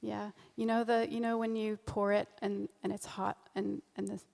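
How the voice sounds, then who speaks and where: A woman preaches in an earnest, informal way, circling back over her phrases as she speaks. Her voice has a gravelly fry and stays fairly flat in pitch. It rings out with the long reverb of a church hall. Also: normal speed. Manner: earnest, repeats and restarts phrases. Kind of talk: informal sermon.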